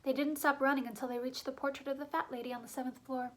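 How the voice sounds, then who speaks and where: Brief: woman with a high voice, reading a story aloud briskly. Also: flat delivery, fairly bright tone, rough recording. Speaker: reader. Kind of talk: audiobook narration.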